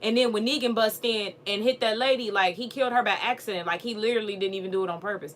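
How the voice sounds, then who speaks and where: A woman hosting a live stream, chatting casually with her viewers in a lively, profane, fired-up way. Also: mid-range voice, quick pace, few pauses, slight background noise. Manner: animated, profane, talks straight to viewers.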